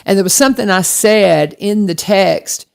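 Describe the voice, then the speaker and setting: A woman co-hosting a radio talk show, telling a story in a lively, self-deprecating way and speaking straight to the listeners. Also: mid-range voice, normal speed, gravelly. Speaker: radio co-host. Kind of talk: casual chat.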